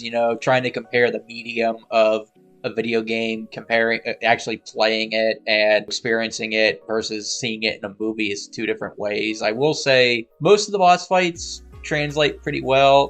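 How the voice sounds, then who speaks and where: A man's voice: medium pitch, fairly bright tone. A man co-hosting a casual anime review podcast, talking about video games and often laughing as he speaks. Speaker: podcast co-host. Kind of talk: casual chat.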